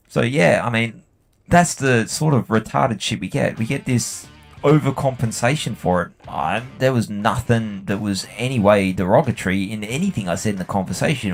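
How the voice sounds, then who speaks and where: A young Australian man chatting bluntly and swearing freely while he plays a game. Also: lowish voice. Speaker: gaming video host. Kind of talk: casual chat while playing.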